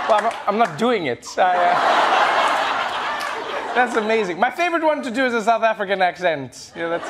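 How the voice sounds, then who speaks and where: A man, a comedian host, answering audience questions in casual chat, animated and laughing with quick asides. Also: on the high side, noisy background.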